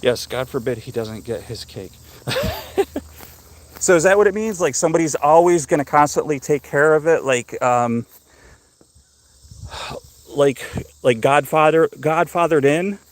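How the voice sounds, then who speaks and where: A man's voice: a little high, unhurried, pauses often. A middle-aged man hosting a casual live stream while walking outdoors through a cemetery, slightly out of breath, rambling and curious as he chats with viewers.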